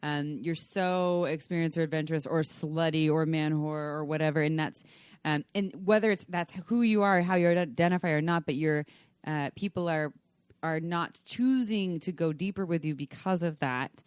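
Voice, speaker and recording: Podcast host lady, low voice, talks in long earnest rambles, very dry sound. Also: moderate pace, a little mellow, clean tone, dry recording. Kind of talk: casual chat.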